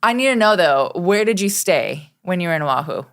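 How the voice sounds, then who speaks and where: A woman's voice: fairly low pitch, fairly quick. A woman from Hawaii, a former pro golfer, chatting as an upbeat guest in an interview. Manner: upbeat, animated. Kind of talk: casual interview chat.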